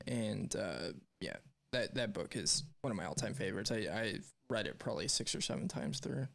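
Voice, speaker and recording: A man with a low, gravelly voice co-hosts a live stream in an easygoing chat. He reads viewer messages aloud and talks in a rambling, candid way. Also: lively intonation, normal speed, fairly bright tone. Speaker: co-host of a live stream show. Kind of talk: casual chat.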